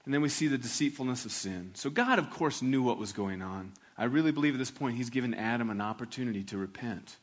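A male pastor with a medium-pitched voice preaches a sermon with animated delivery. He swings between loud emphasis and hushed, slow reflection.

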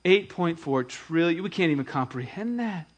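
Give me an animated preaching man with a higher voice. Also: moderate pace, slightly rough. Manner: animated preaching, swinging between loud emphasis and quiet asides; retells scripture with dramatic voiced quotes. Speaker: pastor. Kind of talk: sermon.

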